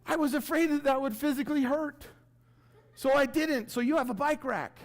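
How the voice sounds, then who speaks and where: A man's voice: extremely high pitch, normal speed, long reverb tail. A man giving a keynote speech, telling a self-mocking story and acting out his own reactions, in a large room before an audience. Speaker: keynote speaker.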